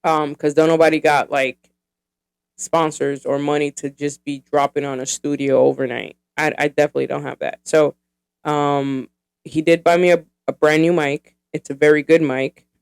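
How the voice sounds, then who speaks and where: Smooth-voiced woman podcaster in her thirties. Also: low voice, little pitch movement, normal speed, a little mellow. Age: 30s. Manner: rambling and profane, heavy with fillers. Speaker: podcast host. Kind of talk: casual podcast monologue.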